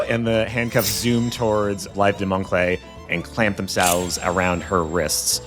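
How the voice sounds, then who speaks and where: A man running a comedic tabletop game as game master, narrating in a wry, animated way. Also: low-pitched, unhurried, few pauses, soft background music.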